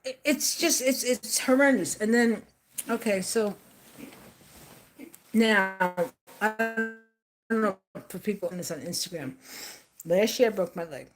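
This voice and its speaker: A woman's voice: mid-range voice, a little slow, pauses often, over music. An older woman, talking off the cuff on a live stream in a rambling, emphatic way, often repeating herself. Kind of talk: casual live-stream monologue.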